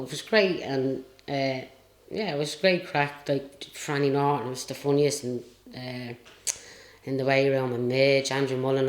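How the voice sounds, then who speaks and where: An Irish woman and retired jockey telling stories in a casual interview, rambling and chatty with lots of fillers. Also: rumbling low. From Ireland. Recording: roomy echo.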